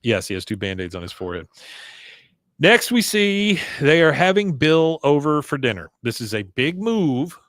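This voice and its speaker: A man hosting a podcast, recapping an episode with animated storytelling and frequent laughs. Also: on the high side, normal speed, dry recording, clean studio sound. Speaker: podcast host.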